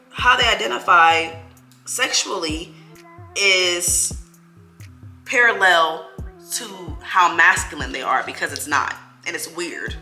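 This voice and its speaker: Young black-woman vlogging, bright lowish voice, echoey room, bit of music under. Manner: candid, talks straight to her viewers. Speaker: beauty vlogger answering viewer questions. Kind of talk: casual chat to camera. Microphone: camera mic while doing her hair.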